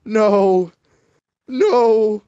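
A man's voice: sits high, very slow, warm tone, smooth, no room sound, dull audio. A man in gaming voice chat, talking urgently and in exasperation, with some swearing. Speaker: gamer friend.

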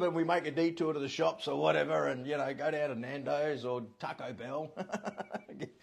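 Husky high-voiced pastor preaching. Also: male voice, flat delivery, normal speed. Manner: emphatic, repeats key phrases, acts out quoted voices. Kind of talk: sermon.

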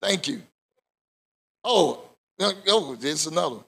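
A man a Bible study sermon in call-and-response style, rising to shouts at the peaks. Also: a little high, animated, unhurried, vocal fry, slightly rough. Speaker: pastor.

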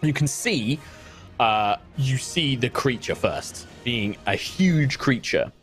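A man's voice: medium pitch, sing-song, takes it slowly, faint music behind. A man narrating a tabletop game as game master, casual and vivid, with lots of fillers.

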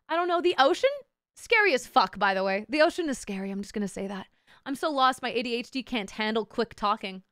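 A woman's voice: fairly high pitch, lively intonation, quick pace, fairly bright tone, no echo, clean studio sound. A young woman streaming as a VTuber, telling a story in casual chat, bubbly and giggly and swearing constantly.

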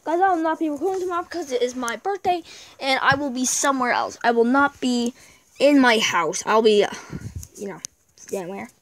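A woman's voice: high voice, animated, fairly quick, a bit bright. A woman giving casual gameplay commentary, chatting to herself as she plays. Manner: chatty, talks to herself while playing. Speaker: gameplay video maker.

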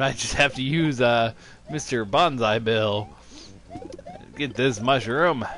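A man's voice: medium pitch, fairly bright tone. A man narrating his gameplay with sarcastic, mock-enthusiastic commentary. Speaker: let's-play commentator.

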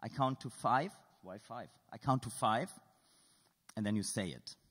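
A man's voice: medium pitch, a little slow, fairly bright tone, husky, big-room sound. A man giving a lecture at an art school, playfully polling the audience with show-of-hands questions and dry humor.

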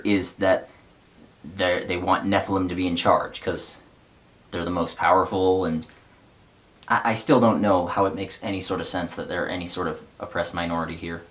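A man's voice: low voice, fairly bright tone. A man casually recapping and reading from a novel, rambling with fillers and wry asides.

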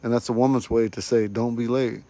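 A man teaching a casual online language lesson, recorded on a phone at home, saying each word slowly and repeating it for learners. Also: medium pitch, steady tone, mellow. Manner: slow, repeats words for learners.

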